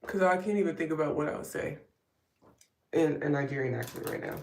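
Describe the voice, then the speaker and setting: A woman's voice: low voice, steady tone, fast. A woman vlogger chatting casually while doing her makeup, rambling with wry asides. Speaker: vlogger doing a live get-ready stream. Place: at home getting ready. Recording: roomy sound from a distance.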